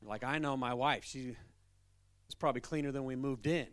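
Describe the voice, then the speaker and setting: A man who is a pastor, preaching a sermon in an animated, emphatic, conversational way. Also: medium pitch, moderate pace, no echo.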